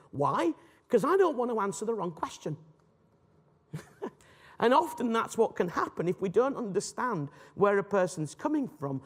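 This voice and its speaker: Brit guy teaching a class, chatty and animated, bit of echo from the hall. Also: high voice. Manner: conversational, animated, self-correcting. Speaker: apologetics teacher. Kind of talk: recorded lecture.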